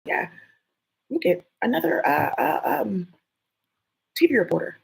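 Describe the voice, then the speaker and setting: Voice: medium pitch, big pitch swings, unhurried, creaky, husky, low-quality recording. A vlogger talking in a casual, rambling, conspiratorial monologue full of fillers.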